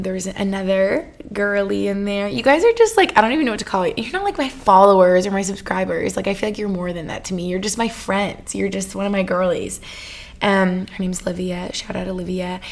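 Gushing, chatty young woman podcaster. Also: medium pitch. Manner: gushing, chatty, heavy "like" filler, tangents. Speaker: podcast host. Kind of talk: casual solo podcast chat.

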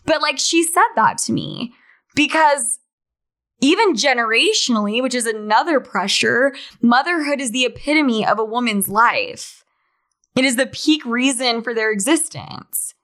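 A woman's voice: a little high, animated, unhurried, a bit bright. Chatty young woman podcasting. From Salt Lake City, Utah, USA. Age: 20s. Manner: candid, chatty, swears freely, says "like" often. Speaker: podcast host. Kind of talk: casual monologue.

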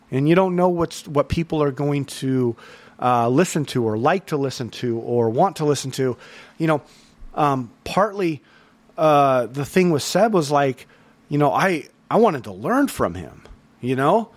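A man's voice: a little high, no room sound. A man hosting a solo podcast recap, talking in an earnest, rambling way with lots of fillers and restarts. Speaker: podcast host.

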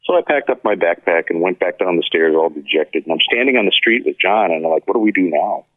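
A deep-voiced man talks fast on a tinny phone-line recording without any room sound. As an interview guest and effects pedal maker, he shares casual stories and plays the parts of the people he quotes.

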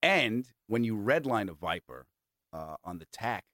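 A man hosting a podcast, telling a long story in an animated, rambling way and swearing freely. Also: on the low side, measured pace, dry recording, studio quality. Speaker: podcast host. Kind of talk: casual storytelling chat.

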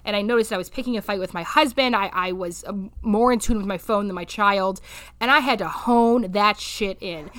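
A woman's voice: medium pitch, moderate pace, a bit bright. A woman therapist co-hosting a podcast, chatting casually and animatedly, swearing freely and laughing often. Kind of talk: casual chat.

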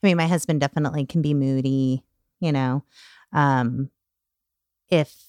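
A woman's voice: extremely low pitch, normal speed, no room sound, studio quality. A woman who works as a manager, a podcast guest speaking casually and agreeably with many fillers. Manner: relaxed, agreeable, lots of fillers. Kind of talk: casual chat.

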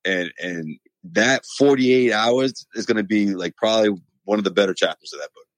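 A man co-hosting a podcast in casual sports chat, animated and joking, dropping curse words. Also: fairly low pitch, moderate pace, dry recording. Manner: animated, jokes and slips into mock voices, swears. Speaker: podcast co-host.

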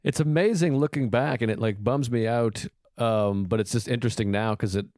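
A man's voice: mid-range voice, fairly quick, darkish tone, dry recording, studio quality. A man in his thirties, a comedian in casual chat, talking candidly and reflectively and swearing freely. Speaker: comedian, podcast co-host.

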